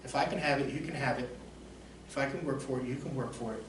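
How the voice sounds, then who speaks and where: A man's voice: mid-range voice, fast talker, close to an everyday voice. A man playing a seasoned army sergeant who encourages a young recruit, earnest and emphatic, repeating himself. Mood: encouraging. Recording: roomy echo, distant mic, faint noise.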